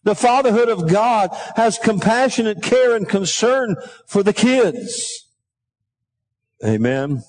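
A man's voice: sits high, expressive, slow pace, low-quality recording. A middle-aged man preaching a sermon, reading scripture aloud and calling on the congregation, his voice lifting into a sing-song lilt when stirred. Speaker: pastor.

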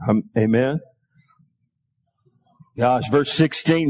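A man's voice: mid-range voice, animated, measured pace, pauses often, darkish tone, husky, rough recording. A middle-aged man preaching a sermon, reading scripture aloud and calling on the congregation, his voice lifting into a sing-song lilt when stirred. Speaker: pastor.

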